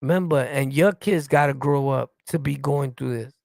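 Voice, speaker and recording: Gravelly New York man ranting. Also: medium pitch, moderate pace, a little mellow, no room sound. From New York City. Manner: blunt, confrontational, profane, repeats "you get it?". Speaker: streamer reacting and answering live chat. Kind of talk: heated livestream rant.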